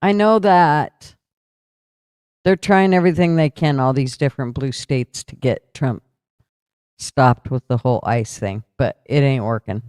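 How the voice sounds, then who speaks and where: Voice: mid-range voice, a little slow, a little mellow, clear, resonant tone, dry recording. A livestream host in casual political chat, tired and yawning, talking loosely and answering viewer comments aloud.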